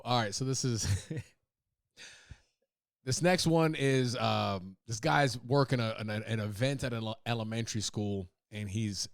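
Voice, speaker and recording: A man's voice: on the low side, dry recording, clean studio sound. A man hosting a podcast, riffing in a loose, profane, joking way and laughing at his own bits. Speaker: podcast host. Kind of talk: casual comedic monologue.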